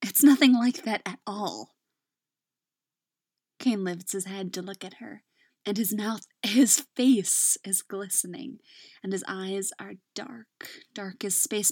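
A woman narrating a romance story in a soft voice that drops into whispers. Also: medium pitch, no echo, clean studio sound.

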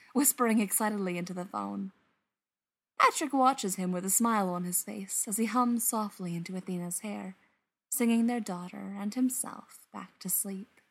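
A woman narrating a story in an expressive, animated reading voice. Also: medium pitch.

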